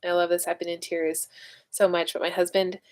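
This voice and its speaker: Female host, 30s, casual emotional live chat, lower voice. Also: little pitch movement, brisk, a little mellow. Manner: chatty, rambling, emotional. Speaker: livestream host.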